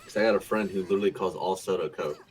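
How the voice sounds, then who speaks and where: A man's voice: low voice, quick pace, rough recording. A man streaming a game and chatting casually, with blunt, profane banter. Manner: blunt, profane, laid-back. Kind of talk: casual chat.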